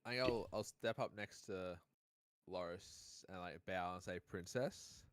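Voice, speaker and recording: A man playing in a tabletop game, talking quietly and in a laid-back way. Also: deep voice, unhurried, clear, resonant tone, no echo, studio quality. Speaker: player.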